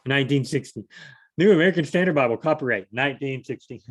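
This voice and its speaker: A man studying scripture aloud on his own, talking casually, musing and briefly acting out scenes as he reads. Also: medium pitch. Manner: informal, muses aloud, acts out scenes in quick voices. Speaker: solo Bible study host.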